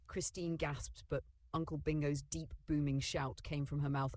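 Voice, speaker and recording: Narrator for a kids' storybook, gravelly, husky, dry close sound, dramatic delivery. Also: medium pitch, steady tone, normal speed, hardly any pauses, darkish tone, dry recording.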